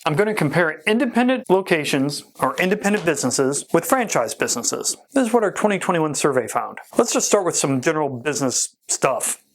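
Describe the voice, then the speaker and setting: A folksy man hosting a podcast, breezing through survey numbers with playful asides. His pitch leaps around constantly, full of animated swoops and punches. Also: fairly quick, few pauses, slight background noise. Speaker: podcast host. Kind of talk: casual talk presenting survey data.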